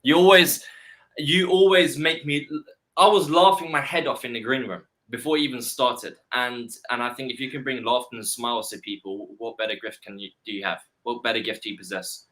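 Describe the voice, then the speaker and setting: A man from West London with a London accent, a guest speaking warmly and effusively in a casual interview. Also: medium pitch, fairly even intonation, brisk, low-quality recording. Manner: warm, effusive, enthusiastic.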